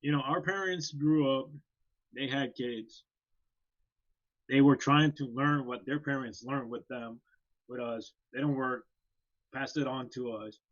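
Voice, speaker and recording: A man's voice: mid-range voice, unhurried, pauses often, highs cut off. A man co-hosting a casual podcast chat, talking loosely with many fillers. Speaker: podcast co-host.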